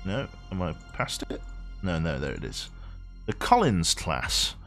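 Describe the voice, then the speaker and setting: A man's voice: deep voice, big pitch swings, measured pace, a bit bright, soft background music. A man streaming a game in a rambling, chatty way, reading game text aloud and swearing offhand. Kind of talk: casual live game commentary.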